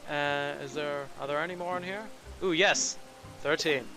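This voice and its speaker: Man, let's play host, bright voice, slightly high, amused, game music underneath. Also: fairly even intonation, moderate pace. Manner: playful, amused. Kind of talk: casual gameplay commentary.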